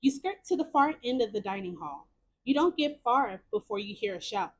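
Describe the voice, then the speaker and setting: Reading a choice game out loud, this young female streamer breaks into animated exclamations, repeating words over and over whenever something catches her off guard. She talks at a normal speed, her fairly high pitch swinging widely.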